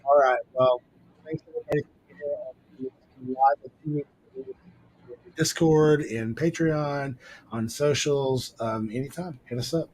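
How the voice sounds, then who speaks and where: A man's voice: medium pitch, unhurried, pauses often, darkish tone, breathy edge, rough recording. A man co-hosting a live show, talking casually and loosely, with many ums and restarts as he thanks and appeals to listeners. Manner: rambling with many fillers and restarts. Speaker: podcast co-host. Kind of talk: casual livestream chat.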